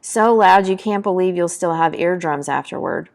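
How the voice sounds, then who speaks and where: A woman's voice: on the low side, normal speed, gravelly. A woman presenting a book talk, reading a novel excerpt aloud with dramatic delivery and spoken battle sound effects.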